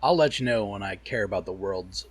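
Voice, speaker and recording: A man's voice: lowish voice, a little fast, slight background noise. A man co-hosting a casual podcast, ranting with lots of swearing. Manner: animated, profane, ranting. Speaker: podcast co-host.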